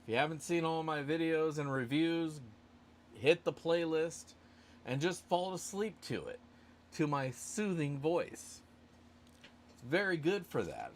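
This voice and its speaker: With a fairly high voice, a man hosts a laid-back live stream giveaway, rambling loosely and teasing himself. A little hiss or hum sits under the recording.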